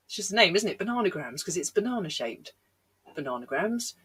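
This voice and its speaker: A woman's voice: mid-range voice, animated, fairly quick, husky. A middle-aged woman from Britain, a comedian rambling through a chatty, self-deprecating live-stream set with plenty of ums and laughs.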